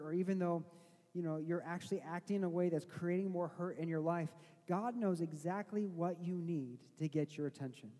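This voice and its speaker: A high-pitched man preaching in a church sanctuary, his voice carried by a long hall reverb. He delivers a sermon that rises from soft, slow reflection to loud, emphatic declaration. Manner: acts out a flustered parent in a put-on voice. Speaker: pastor.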